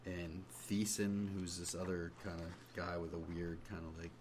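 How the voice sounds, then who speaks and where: Very low-voiced man, relaxed comics chat. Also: normal speed, a little hiss or hum. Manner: relaxed, hesitant, lots of fillers. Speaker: podcast co-host. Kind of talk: casual chat about comics.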